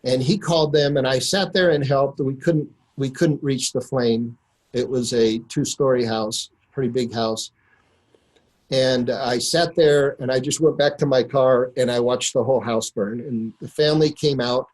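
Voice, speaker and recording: Man slowly recounting a personal story. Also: mid-range voice, steady tone, darkish tone, rough recording. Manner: unhurried, earnest retelling with many pauses. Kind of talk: personal anecdote told to a listener.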